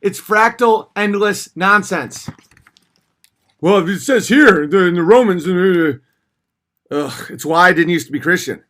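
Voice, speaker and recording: On a relaxed livestream, a man with a fairly high voice reads viewer messages aloud and responds with sarcasm. He flips between joking put-on voices and low, grumbly asides, speaking at a measured pace with a slightly bright tone.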